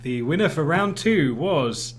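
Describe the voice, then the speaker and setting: Joking game-show host, slightly high. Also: male voice, a little slow, slight background noise. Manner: relaxed, joking, runs the rounds. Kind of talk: hosting a casual live game show.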